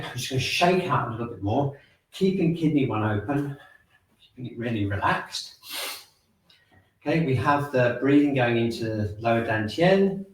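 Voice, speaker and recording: Male movement teacher, calm and instructive, mid pitch; heavy room echo, distant mic. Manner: calm, gently instructive, talks through exercises step by step. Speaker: qi gong and shiatsu instructor. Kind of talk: guided movement and breathing class. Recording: very echoey room, mic far off.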